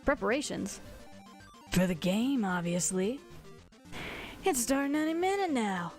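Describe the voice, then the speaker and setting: A woman voicing a smug, nerdy young male troll schemer with a condescending, dry drawl, pitched lower than her own voice. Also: lively intonation, measured pace, darkish tone, soft background music.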